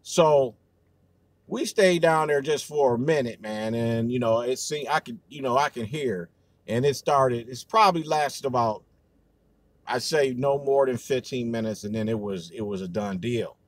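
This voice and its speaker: Brief: male livestream host, mid pitch, AAVE speech, rambling and cussing, dry close sound. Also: normal speed, no room sound. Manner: loose, profane, rambling with many fillers. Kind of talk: casual livestream talk.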